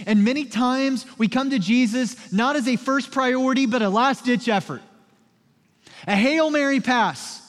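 A man preaching a sermon as pastor, moving from soft, low, slow passages to loud, emphatic ones in a conversational way. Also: big-room sound.

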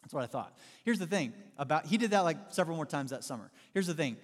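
A man preaching a sermon, with animated storytelling and playful asides to the congregation. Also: a little high, quick pace. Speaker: pastor. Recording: long hall reverb.

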